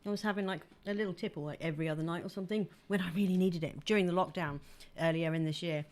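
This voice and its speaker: A woman's voice: lowish voice, fairly even intonation, racing, a little mellow. A woman raised in Saudi Arabia, chatting as a guest on a casual show, rambling and giggly and a little tipsy. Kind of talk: casual chat.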